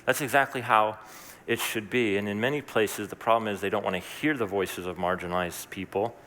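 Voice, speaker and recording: A man's voice: lowish voice, steady tone, a little fast, fairly bright tone, long reverb tail, slight background noise. A man preaching a sermon as pastor, talking in a conversational, earnest way with asides and restarts.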